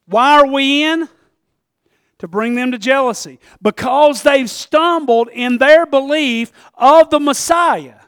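A man preaching a sermon, joking and laughing at himself, then building up to shouted climaxes. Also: very high voice, dry recording, studio quality. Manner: jokey, self-deprecating, builds to shouting. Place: church.

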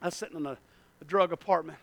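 A man preaching a sermon, swinging from shouting to hushed storytelling. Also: fairly high pitch, racing, vocal fry, no room sound.

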